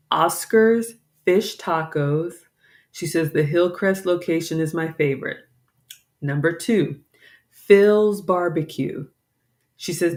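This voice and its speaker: A woman's voice: low-pitched, a little mellow. A woman from the American South chatting casually to viewers, tired, apologetic and a bit scattered. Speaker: vlogger, home cook. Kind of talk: casual live-stream chat.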